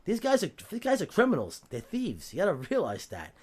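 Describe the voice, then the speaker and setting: A man's voice: sits high, wildly swooping pitch, a little fast, husky. A man with a New York accent telling jail stories on a podcast in a casual, streetwise way, swearing freely and acting out the voices he quotes. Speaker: podcast guest. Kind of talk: casual storytelling.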